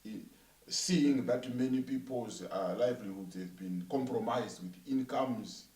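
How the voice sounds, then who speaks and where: A man interviewing a minister, echoing his guest's words and pausing with many fillers. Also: mid-range voice, a little mellow, recorded from a distance. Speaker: interviewer, church coordinator. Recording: echoey room, off-mic.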